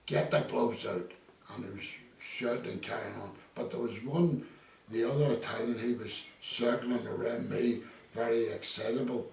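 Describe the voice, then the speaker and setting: A man's voice: mid-range voice, steady tone, moderate pace, creaky, a little hiss or hum. An older Irish man being interviewed, telling rambling stories full of quoted dialogue. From Ireland. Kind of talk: casual storytelling. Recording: echoey room, distant mic, faint ambience.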